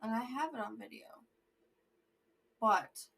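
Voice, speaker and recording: A woman's voice: fairly high pitch, slow, vocal fry, a bit bright, husky. A young woman vlogger telling a rambling story, often sidetracking and restarting her sentences. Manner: rambling, sidetracked, self-interrupting.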